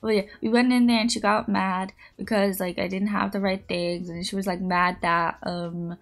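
A young woman streaming, chatting casually and rambling through a story, with high squeals when she greets viewers. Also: flat delivery, normal speed, gravelly. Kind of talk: casual chat.

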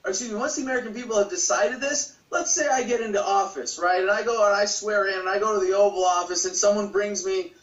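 A man's voice: high-pitched, steady tone, quick pace, hardly any pauses, fairly bright tone. A man speaking as an interview guest, passionate and argumentative, pressing his points with repeated words. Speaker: guest, political campaigner. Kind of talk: emphatic interview answers. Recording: distant echoey room sound.

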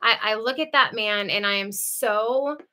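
Chatty bright-voiced woman hosting a livestream. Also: a little high, a little slow. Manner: chatty, laughs often, lively asides. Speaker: livestream host. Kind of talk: casual livestream chat, reading viewer comments. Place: home.

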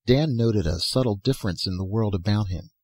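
A man reading a science fiction story aloud as an audiobook narrator, in a measured storytelling manner. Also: fairly low pitch, a little mellow, breathy edge, dry recording. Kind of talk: scripted narration.

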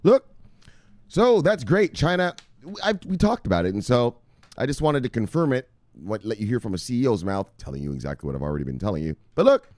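A man hosting a casual crypto news vlog, excitable and profane, with frequent laughing asides. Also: lowish voice, a little fast, no room sound. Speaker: host.

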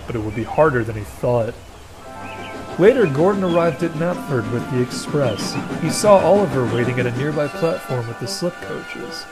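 Man narrating a storybook, gentle and measured. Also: medium pitch, animated, over music.

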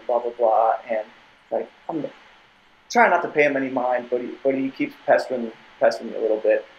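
A man's voice: mid-range voice, low-quality recording. Rambling man telling a story. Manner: rambling, tangents, repeated restarts. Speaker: podcast guest. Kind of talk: casual storytelling.

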